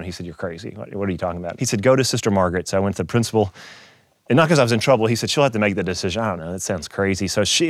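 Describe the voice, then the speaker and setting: Middle-aged man, animated storyteller, quick delivery, close dry mic. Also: fairly low pitch, no echo. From Kentucky, USA. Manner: animated storyteller who acts out quoted voices. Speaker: keynote speaker, guitarist. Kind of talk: casual storytelling interview.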